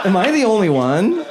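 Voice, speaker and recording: Animated male stand-up comic. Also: sits high. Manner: animated, exasperated storytelling with voiced characters. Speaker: stand-up comedian. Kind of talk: stand-up routine. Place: comedy stage before a live audience. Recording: live set with loud crowd noise.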